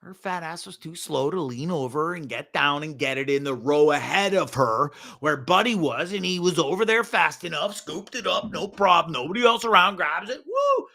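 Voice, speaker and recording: A man hosting a show, giving ranting commentary on a video in a profane, sarcastic, animated way. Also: on the high side, normal speed, creaky, hardly any pauses. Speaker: show host.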